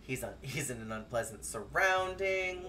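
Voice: mid-range voice, lively intonation, moderate pace, pushed and bright. A game streamer giving joking let's-play commentary, with sudden squeals and bursts of laughter. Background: faint game music.

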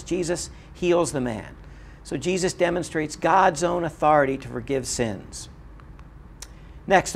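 A man delivers a Bible lecture in an earnest, emphatic way, circling back to repeat his key points. His voice sits a little higher than most men's. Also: vocal fry. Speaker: Bible teacher. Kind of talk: recorded lecture.

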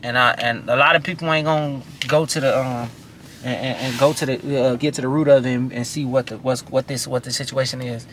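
A man's voice: mid-range voice, fairly even intonation, fairly quick, a bit bright, a little hiss or hum. A man, a guest in a casual interview, talking bluntly with lots of profanity and repeated restarts.

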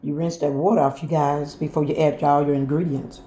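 A woman's voice: sits low, level tone, a little fast, mellow, a little hiss or hum. A woman, showing her home-cooked meal to viewers in a homey, chatty way. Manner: homey, chatty, addresses viewers as y'all and honey. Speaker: cooking vlogger. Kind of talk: casual cooking show-and-tell.

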